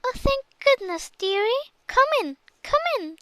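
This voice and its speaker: A fussy, kindly old grandmother from a storybook, put on by a woman reader, fluttery and doting. The voice is high and bright. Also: animated, a little slow, no room sound, exaggerated voice. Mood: relieved.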